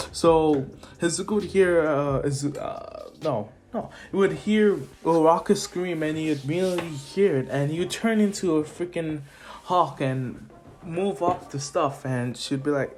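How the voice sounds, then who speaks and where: A man's voice: on the high side, unhurried, a little mellow, faint music behind. A young man, the channel's host, casually narrating a fan story in a rambling, laid-back, jokey way.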